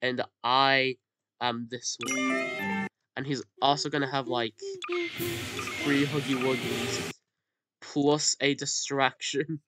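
Very low-voiced woman gaming. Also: takes it slowly, pauses often, loud music behind the voice. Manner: excitable, swearing, yelling at the game. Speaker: gamer. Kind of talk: gameplay commentary. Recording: loud background noise.

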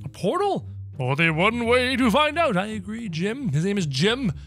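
A gaming video narrator giving excitable, playful let's-play commentary in character, bursting into yelps and laughter. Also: medium pitch, moderate pace.

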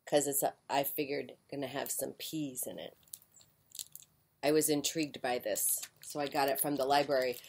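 A woman reading a children's picture book aloud with an expressive voice, breaking off for soft, chatty asides. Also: rumbling low, normal speed, vocal fry, a little hiss or hum. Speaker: children's story reader. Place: porch, outdoors.

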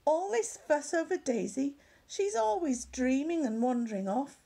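Jealous, grumbling sheep in a children's story, woman performing, lively whining pitch. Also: a little slow, creaky, heavily acted.

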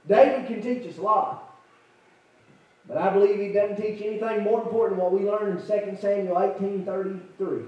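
A man's voice: sits high, moderate pace, lo-fi sound. A male preacher telling a folksy story in a sermon, repeating himself with fillers. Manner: folksy, repetitive, filler-laden. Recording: echoey church from far off.

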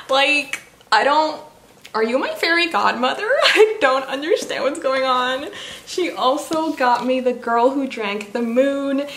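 A young woman vlogging about books she was given, gushing and giggly, with lots of fillers. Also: mid-range voice. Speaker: book vlogger. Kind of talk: casual vlog unboxing. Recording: echoey room with faint noise.

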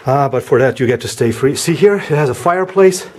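A man talking casually as he walks through a house, giving a vlog tour with a chatty, wry, deadpan humor. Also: medium pitch, a little fast, a little hiss or hum. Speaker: vlogger house sitting.

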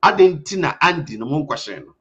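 Fired-up Ghanaian man, high lively voice. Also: quick pace. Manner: urgent and emphatic, mixing Twi and English. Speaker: host. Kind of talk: impassioned commentary. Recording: dull lo-fi sound.

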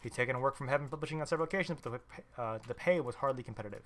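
A man casually reading a visual novel aloud as a let's player, with quick reactions of his own. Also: medium pitch, fairly bright tone. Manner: casual, swears in surprised reactions.

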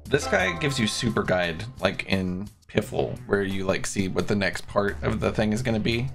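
A man's voice: lowish voice, lively intonation, moderate pace, vocal fry, music in the background. A man streaming from his desk, chatting casually and bluntly while explaining a game's rules. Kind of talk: casual live-stream chat. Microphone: desk mic on a streaming setup.

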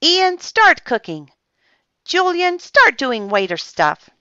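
Lady doing a bossy little girl voice, squeaky and bouncy, flat dull mic. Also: slow pace, no room sound, exaggerated voice. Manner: eager, commanding, high and bouncy. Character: bossy energetic young girl running a stand. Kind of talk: storybook character voice. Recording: dull dry lo-fi sound.

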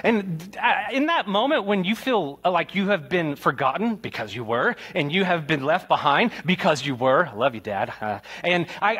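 A young adult man, a pastor, preaching in a church sanctuary and telling a childhood story with lively, rising retellings. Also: on the high side, fairly quick, few pauses, husky. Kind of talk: sermon.

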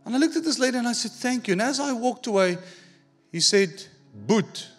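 A man preaching a sermon, telling a personal story in an animated way, acting out the dialogue and repeating words as he goes. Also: very high-pitched, quick pace, soft background music. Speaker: pastor.

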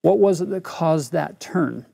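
A man's voice: a little high, expressive, measured pace, gravelly, mellow, slightly rough. A middle-aged man teaching a scripture lesson, telling a personal story in an earnest way and speaking straight to his listeners. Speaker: religion teacher.

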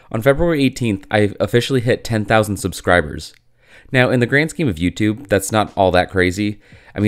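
A deep-voiced man in his thirties talking straight to his viewers in a loose, jokey vlog. His voice is rough and worn from being sick. He rambles a little and pokes fun at himself. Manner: chatty, self-deprecating, jokey. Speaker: YouTube channel host. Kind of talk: casual talking-head vlog.

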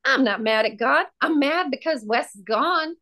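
A woman's voice: high-pitched, lively intonation, normal speed, sharp tone. A woman sharing her testimony as a podcast guest, fervent and emphatic, repeating key phrases for weight. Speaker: podcast guest, prayer ministry founder.

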